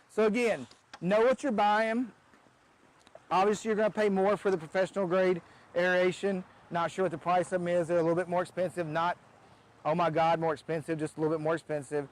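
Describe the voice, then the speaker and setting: A man's voice: high voice, poor audio. A man who runs a pond business giving a casual how-to demonstration outdoors beside a backyard pond, chatty and often restarting his sentences.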